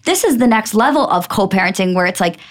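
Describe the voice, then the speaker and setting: A young woman co-hosting a podcast, chatting casually about a reality show and acting out the quotes. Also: mid-range voice. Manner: quick, animated, acts out quotes. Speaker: podcast co-host.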